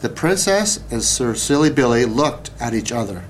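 A man reading a children's story aloud, slow and deliberate. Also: medium pitch, expressive, a little hiss or hum. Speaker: narrator.

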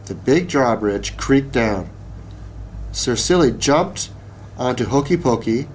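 A man reading a children's story aloud, slow and deliberate. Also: mid-range voice, lively intonation, a little hiss or hum. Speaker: narrator.

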